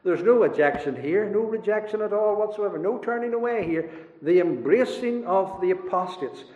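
A man preaching a sermon, swinging between loud rising declarations and hushed low asides. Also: animated, moderate pace. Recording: roomy hall echo, dull lo-fi sound.

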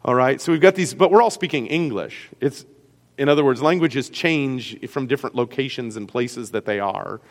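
A man's voice: mid-range voice, moderate pace, in a large hall. A man with a Great Lakes American accent, a pastor teaching a class on Scripture in a conversational way, often checking in with his listeners. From US Great Lakes region.

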